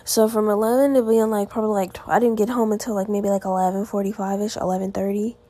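A woman's voice: mid-range voice, flat delivery, fast, dark tone. Tired teen girl hosting a podcast. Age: teens. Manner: rambling, many "like" fillers and restarts. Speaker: podcast host. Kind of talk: casual solo podcast chat. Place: at home.

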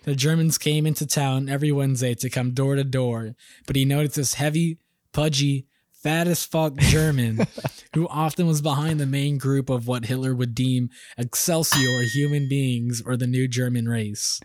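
A young man co-hosting a podcast, reading out a silly story in a deadpan way and breaking into laughter. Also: mid-range voice, moderate pace, no room sound, clean studio sound. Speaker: podcast co-host. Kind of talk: casual podcast chat, reading a comic story.

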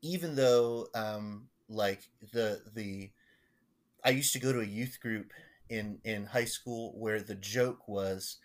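A man, a pastor, telling stories in a casual podcast chat, halting and rambling with many restarts. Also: fairly low pitch.

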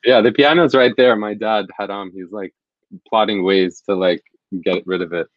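Earnest, low-voiced male reporter. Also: steady tone, moderate pace, dry recording, dull audio. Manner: earnest, reflective, rambling storyteller. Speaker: field reporter, interview guest. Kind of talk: conversational interview storytelling.

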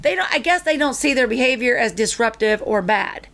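A middle-aged woman co-hosting a casual chat, telling a story in an animated way with frequent restarts. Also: fairly high pitch, a little fast, gravelly. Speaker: podcast co-host.

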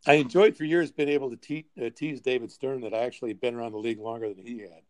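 An older man in his sixties, a podcast guest telling lively anecdotes with frequent chuckles. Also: mid-range voice, fast talker, no echo. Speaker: podcast guest, sports executive. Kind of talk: storytelling interview.

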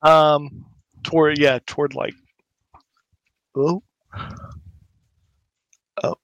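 A man's voice: a little high, flat delivery, drawn-out words, a bit bright, dry recording, lo-fi sound. A man playing in a tabletop game, talking casually and hesitantly with stumbling restarts. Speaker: player.

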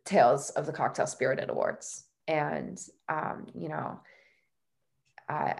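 Woman, podcast host, slightly low voice, casual chat, lots of "like" fillers. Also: very animated, slow pace, vocal fry, a little mellow. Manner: chatty, filler-heavy, self-deprecating laughs.

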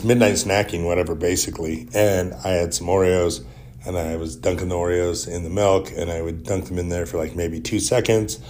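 A man's voice: low-pitched, darkish tone, a little hiss or hum. A man hosting a solo podcast, telling stories in a rambling, wry and joking way. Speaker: podcast host. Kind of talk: casual solo podcast monologue.

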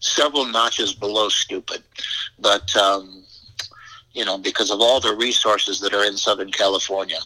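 This older man, speaking as an interview guest, has a lowish, bright, forceful voice and a moderate pace, captured on a rough recording. He tells a meandering personal story, repeating himself and adding blunt asides.

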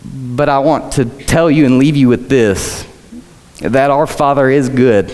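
A man's voice: mid-range voice, measured pace, a little mellow, big-room sound, poor audio. A man preaching a sermon with earnest conviction and casual joking asides.

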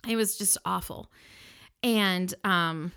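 A woman who is an embalmer and show host tells a personal story to camera, speaking earnestly and reflectively with fillers and restarts. Her fairly low voice is slow, a bit bright, and smooth, recorded in studio quality with no room sound.

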